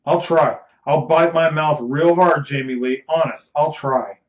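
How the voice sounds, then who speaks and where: A man's voice: a little high, a little slow, close to an everyday voice. A man reading aloud and voicing a big, timid, inexperienced young man, in an echoey room on a dull, lo-fi recording. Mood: pleading.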